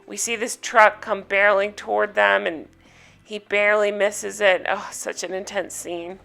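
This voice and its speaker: Chatty woman with a bright voice. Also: medium pitch, flat delivery, a little slow, gravelly, soft background music. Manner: chatty, retelling scenes with quotes and reactions. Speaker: TV show recapper. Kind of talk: casual episode recap.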